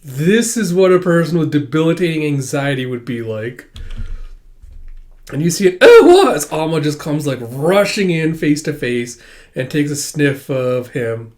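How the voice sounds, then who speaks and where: A man's voice: a little high, unhurried, darkish tone. A young man casually reading through a manga chapter and commenting on it, chatty and swearing freely.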